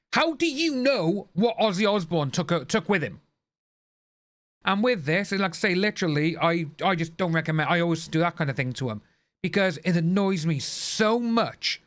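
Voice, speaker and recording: A man's voice: a little high, fairly bright tone. A man chatting casually to his livestream viewers, blunt and ranting, swearing freely. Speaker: livestream host.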